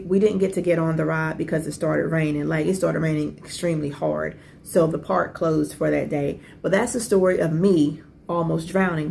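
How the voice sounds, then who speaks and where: A woman in her forties, a podcast host, telling a personal story in a casual, animated way with asides and rhetorical questions. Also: on the low side, vocal fry, slight background noise.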